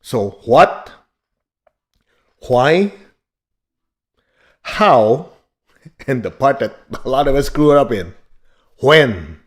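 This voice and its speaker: A man's voice: mid-range voice, very animated, drawn-out words, long pauses. A man giving a motivational teaching talk as a spiritual teacher, blunt and emphatic, joking and laughing as he drives points home.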